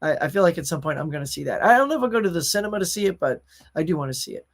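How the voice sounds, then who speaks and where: Chatty man with a fairly high voice. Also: expressive, racing, gravelly. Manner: chatty, addresses viewers as y'all. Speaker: host. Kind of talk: casual live-stream chat, reading viewer comments.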